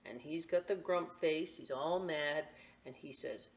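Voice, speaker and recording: A middle-aged woman reading a picture book aloud for a library storytime, animated and chatty with frequent asides to her young listeners. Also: deep voice, a little slow.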